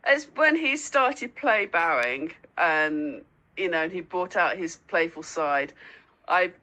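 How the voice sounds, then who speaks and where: A woman guest in a casual interview, telling lively stories with lots of laughter and squeaky acted-out asides. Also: slow pace, low-quality recording. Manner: giggly storyteller, acts out lines in a high squeaky voice. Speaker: guest, dog owner and foster carer.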